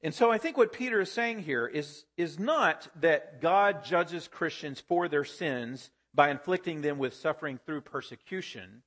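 Man, pastor, sermon, emphatic delivery, fairly high pitch. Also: measured pace, few pauses. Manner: emphatic preaching, rising to high excited peaks and dropping to quiet low stresses.

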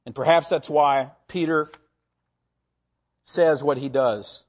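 Expressive preacher man, slightly high voice. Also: takes it slowly, husky. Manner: expressive, varies pitch and pace for emphasis. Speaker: pastor. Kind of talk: sermon.

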